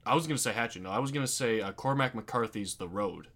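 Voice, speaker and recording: Co-hosting a relaxed podcast, a chatty young adult man tends to give long explanations. He talks fast, with a fairly low pitch and a fairly bright tone.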